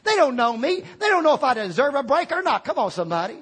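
A middle-aged male pastor preaching a sermon, swinging from shouts to hushed asides. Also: very high voice, very animated, fast, hardly any pauses.

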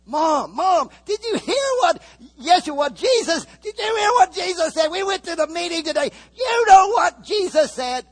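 A preacher voicing Jesus's panicked younger brother, shouting and pleading with his mother. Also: extremely high pitch, big pitch swings, normal speed, hardly any pauses, pitched above the performer's own voice, exaggerated voice. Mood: frantic.

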